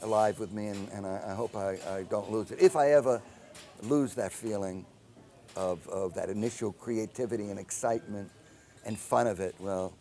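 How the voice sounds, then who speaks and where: An older man and composer telling anecdotes in an interview, animated and acting out the dialogue he quotes. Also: lowish voice, normal speed, a little hiss or hum. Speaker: film composer.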